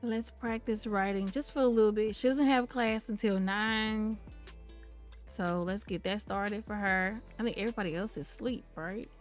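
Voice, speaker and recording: A woman's voice: medium pitch, fairly even intonation, normal speed, soft background music. A woman giving casual, playful commentary on a life-simulation game, chatting to her viewers and to the characters on screen. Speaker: gameplay commentator.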